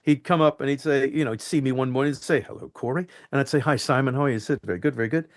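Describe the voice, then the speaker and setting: A man, an actor being interviewed, telling animated stories from film sets and acting out the lines. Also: medium pitch, racing. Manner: animated, acts out quotes and lines. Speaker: actor guest. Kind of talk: anecdotal interview storytelling.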